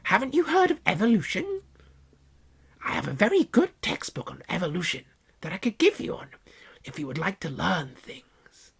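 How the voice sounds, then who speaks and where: A reader voicing a snooty, shrill aunt in a mocking, sickly-sweet falsetto. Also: very animated, moderate pace, vocal fry, husky, soft background music, heavily acted.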